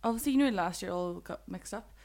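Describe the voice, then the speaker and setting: A woman's voice: on the low side, quick pace, a little mellow. A woman chatting casually and matter-of-factly on a podcast. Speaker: podcast co-host. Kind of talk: casual chat.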